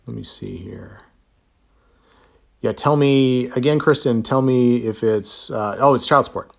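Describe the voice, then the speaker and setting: A man's voice: medium pitch, unhurried, vocal fry. A man, a divorce attorney, chatting casually in a live Q&A, reading viewer comments aloud and answering with easygoing, self-deprecating humor. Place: Utah.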